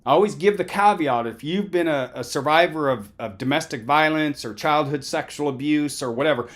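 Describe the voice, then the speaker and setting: A man's voice: on the high side, fairly quick. A middle-aged man giving an earnest, conversational motivational lecture on recovery, often checking in with listeners. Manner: earnest, conversational, addresses listeners directly with "right?".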